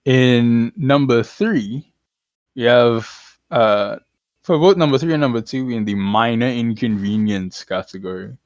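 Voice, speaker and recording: A man's voice: medium pitch, measured pace, no echo. A man casually retelling stories on a podcast, irreverent and slangy, laughing as he goes. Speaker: podcast co-host. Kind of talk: casual chat.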